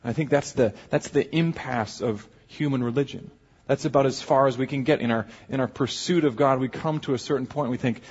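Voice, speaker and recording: A male preacher delivering a sermon in a reflective, conversational manner, often restarting his phrases. His voice sits at a middle pitch and sounds husky. The recording is dull, with a long hall reverb. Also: brisk, a little mellow.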